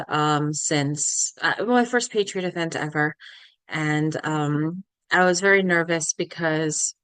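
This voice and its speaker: A young woman guest on a podcast, telling a personal story in a halting, emotional way and acting out the people she quotes. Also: sits low, a bit bright, clear, resonant tone, dry recording. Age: young adult. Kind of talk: casual interview storytelling.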